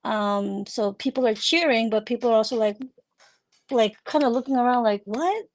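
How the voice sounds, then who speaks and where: A woman narrating a tabletop game as game master, relaxed and hesitant, with many fillers. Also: fairly high pitch, moderate pace.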